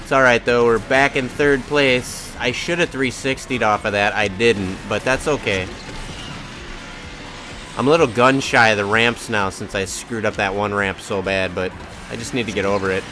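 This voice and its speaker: A man's voice: fairly low pitch, fairly even intonation, normal speed, pushed and bright, faint music behind. A man casually commenting on his own racing game during a live stream, chatting to his cat and to himself. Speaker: gaming streamer.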